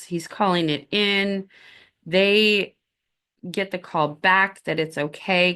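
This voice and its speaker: A woman with a low-pitched voice tells her own story in an unhurried, candid way. Her tone is conversational, with a wry humor underneath, like a host talking directly to her listeners. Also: a bit bright, clear, resonant tone. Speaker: spiritual podcast host. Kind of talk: personal storytelling.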